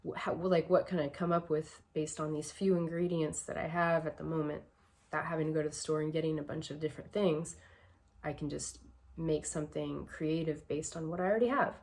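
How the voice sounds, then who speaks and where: A woman's voice: low-pitched, steady tone, brisk, a little mellow. A woman vlogger giving casual personal advice, reflective and a bit emotional, with a shaky voice and many fillers.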